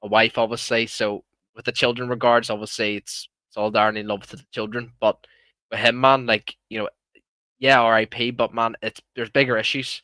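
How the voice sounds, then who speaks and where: A man's voice: mid-range voice, little pitch movement, a little fast, pushed and bright, no echo. A young Irish man hosting a live stream, talking casually and heatedly, swearing often and calling listeners "man". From Ireland. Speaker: livestream host.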